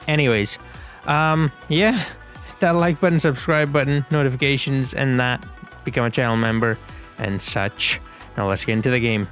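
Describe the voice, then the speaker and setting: A man gives casual play-by-play commentary over a sports video game, chatty and a little rambling, with slangy asides. His voice sits at an ordinary middle pitch. Soft game music plays faintly behind him. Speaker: gaming video host and commentator.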